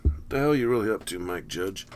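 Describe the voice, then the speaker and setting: Low-voiced man giving wry movie commentary. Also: animated, fast, a little mellow, slight background noise. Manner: rambling, wry, sarcastic asides. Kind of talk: casual running movie commentary.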